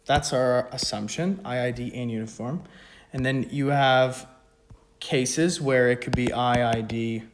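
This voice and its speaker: Slow, joking male economics tutor. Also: mid-range voice, slight background noise. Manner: joking, self-mocking asides between steps. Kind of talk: casual spoken math walkthrough.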